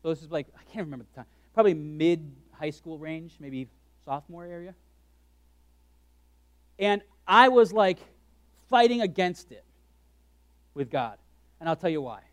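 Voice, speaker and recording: A pastor with a high voice, close and dry on the mic. He preaches in an animated, joking way and acts out his own inner thoughts as little asides. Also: moderate pace, pauses often, no room sound. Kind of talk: sermon.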